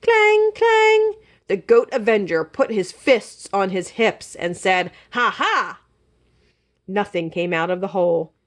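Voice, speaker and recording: A woman librarian reading a children's chapter book aloud in an expressive, animated manner. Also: lowish voice, normal speed, hardly any pauses.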